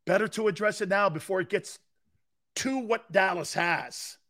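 Sports talk host, male, excitable and emphatic, bright sharp voice. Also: moderate pace. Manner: excitable, emphatic, swings between shouting and low asides. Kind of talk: animated sports talk monologue.

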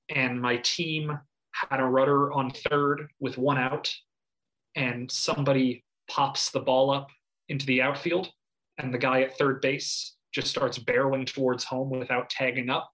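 A man in his thirties co-hosting a casual sports podcast, telling stories with lively shouted impressions. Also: mid-range voice. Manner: animated storyteller, bursts into shouted impressions. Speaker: podcast co-host. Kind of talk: casual chat.

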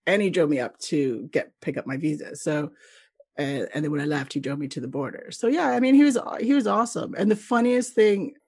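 A middle-aged woman from Canada, a guest telling travel stories in a casual interview, lively and laughing often as she acts out the people she met. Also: low voice, a little fast, slightly rough.

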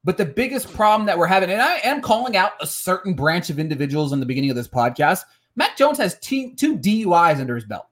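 A man's voice: sits high, very animated, fast, a bit bright. A man hosting a casual sports podcast, heated and frustrated, often repeating words and restarting his sentences. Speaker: podcast host.

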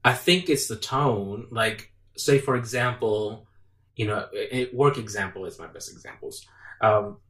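A man co-hosting a casual chat, speaking slowly and in a measured, hesitant way. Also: fairly low pitch, fairly bright tone. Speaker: podcast co-host. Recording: echoey room, mic at a distance.

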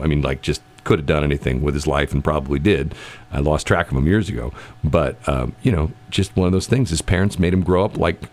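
A man's voice: sits low, a little mellow. A man hosting a radio morning show, rambling through teasing jokes and stories in casual banter. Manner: rambling storyteller, teasing and jokey.

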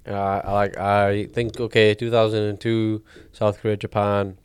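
A man's voice: fairly low pitch, flat delivery, normal speed, darkish tone, clean tone, no room sound. A man co-hosting a casual football podcast, hesitant and thinking aloud with dry remarks. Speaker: podcast co-host.

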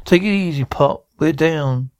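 A man's voice: a little high, a little slow, a little mellow, no room sound. A man reading a science fiction radio script aloud, names and stage directions included, with frequent stumbles. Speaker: reader.

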